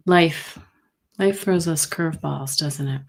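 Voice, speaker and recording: A middle-aged woman hosting a live tarot reading stream, talking gently and sympathetically with many pauses and fillers. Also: sits low, gravelly. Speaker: intuitive reader, host.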